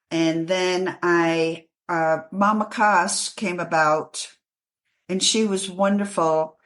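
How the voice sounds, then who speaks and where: A woman from New York City talks slowly and deliberately, her voice sitting a little low. She tells her story in an interview, stopping and restarting often, and slips into voices from her memories as she goes. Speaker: author and interview guest.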